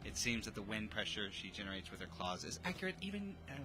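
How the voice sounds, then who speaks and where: A man streaming a visual novel, reading its text aloud and reacting with excitable, jokey, sometimes sweary comments. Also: lowish voice, quick pace, few pauses, music in the background, poor audio.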